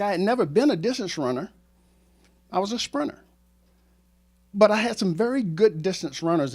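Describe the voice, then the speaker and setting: A man in his sixties, a former teacher and coach, telling a true story to a live audience in an animated, joking way with self-mocking asides. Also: high-pitched.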